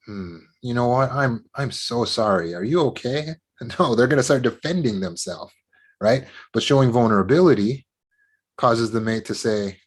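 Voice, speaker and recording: A man's voice: mid-range voice, slightly rough. A man giving an earnest, explanatory talk on depression and trauma recovery, now and then acting out short quotes. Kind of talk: educational talk to camera.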